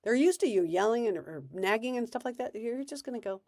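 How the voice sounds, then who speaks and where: A woman's voice: fairly high pitch, lively intonation, fairly quick, darkish tone, no room sound, clean studio sound. A woman parenting coach giving casual advice in a conversational way, acting out bits of parent and child dialogue.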